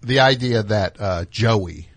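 A man's voice: lowish voice, slow pace, no echo. Rambling man riffing in a studio. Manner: rambling, riffing with put-on voices. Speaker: radio show host. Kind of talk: casual comedic chat. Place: radio studio.

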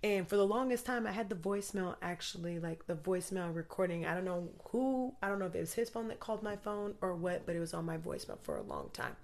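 A woman's voice: on the low side, big pitch swings, quick pace, few pauses, a little mellow. A woman guest recounting a frightening personal story, talking urgently with lots of fillers. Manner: urgent, vivid retelling with many fillers.

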